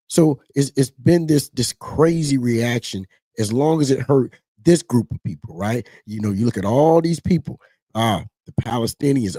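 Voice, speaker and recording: A man gives casual political commentary, rambling and animated. His voice is husky and mellow. The sound is dry and close. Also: medium pitch, moderate pace, dry recording. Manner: animated, rambling, mocks others in put-on voices.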